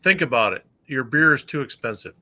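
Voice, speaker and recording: Man from Maine, casual chat, rambling storyteller, bright sharp voice, middle pitch. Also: lively intonation, brisk. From Maine, USA. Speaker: co-host.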